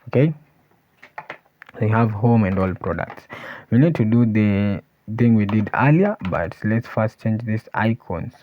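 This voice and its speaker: A man teaching a coding tutorial, thinking aloud as he types and often pausing to say "let's see". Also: lowish voice, slight background noise. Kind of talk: screen-recorded coding walkthrough. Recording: dull lo-fi voice recording. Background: keyboard typing and clicks.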